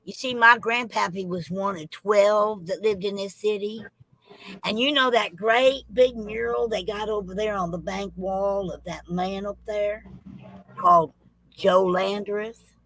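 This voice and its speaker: A woman's voice: mid-range voice, a little slow, dry recording, low-quality recording. A woman telling comic tall tales in a folksy, drawling storytelling manner. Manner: drawling, rural, lively tall-tale delivery.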